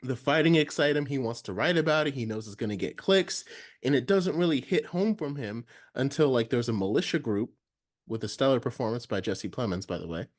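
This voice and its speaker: A man co-hosting a casual film review, talking in a relaxed, rambling way with many fillers. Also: medium pitch, a little fast. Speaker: podcast co-host.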